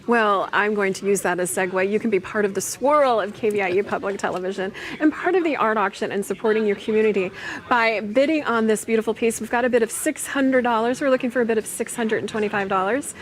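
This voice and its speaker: A woman's voice: medium pitch, fast. A woman hosting a televised art auction in a studio, upbeat, repeating the bids and the phone number. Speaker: auction host.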